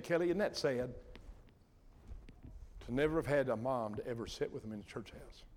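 Older male preacher, folksy and earnest, mid-pitched. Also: darkish tone. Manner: folksy, earnest, repeats himself and breaks off mid-sentence. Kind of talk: sermon.

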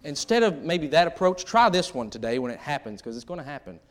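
A man's voice: on the high side, big pitch swings, quick pace, few pauses, a little hiss or hum. A middle-aged man preaching a sermon in a humorous, conversational way, acting out little scenes from married life. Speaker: pastor.

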